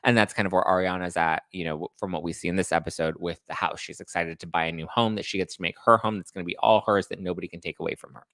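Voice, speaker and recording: A man's voice: low-pitched, fairly even intonation, quick pace, hardly any pauses, a bit bright, no echo. A man hosting a reality TV recap, chatting in a sassy, gossipy way and acting out cast members' lines. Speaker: podcast host recapping reality TV.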